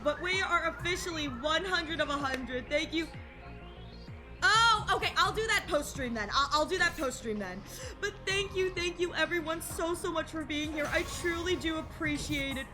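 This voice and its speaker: A woman's voice: extremely high pitch, normal speed, over music. A woman streamer chatting casually on a live game stream, gushing and emotional and often repeating herself.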